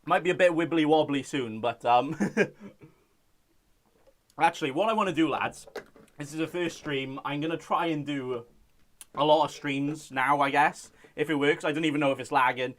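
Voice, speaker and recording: A man's voice: fairly high pitch, normal speed, a bit bright. A young man from Wales, hosting a casual live-stream chat and reading out viewer messages in a jokey way.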